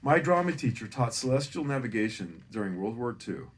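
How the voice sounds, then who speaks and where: There's slight background noise as a medium-pitched man talks a little fast. In his fifties and from Northern California, he tells a rambling personal story, animated and profane, with "right?" tagged onto his lines again and again.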